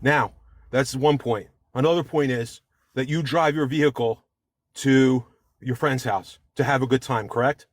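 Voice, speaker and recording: A man's voice: medium pitch, fairly even intonation, unhurried, dry recording, clean studio sound. A man calling into an online debate, rambling and agitated, cursing as he argues. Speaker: debate caller.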